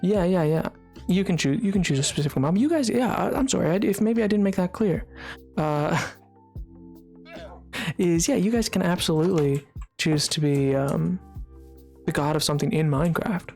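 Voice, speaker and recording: A livestreamer chatting casually with a live audience while gaming, rambling with lots of fillers and restarts in a relaxed, drowsy way. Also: mid-range voice, normal speed, gravelly, long pauses, soft background music.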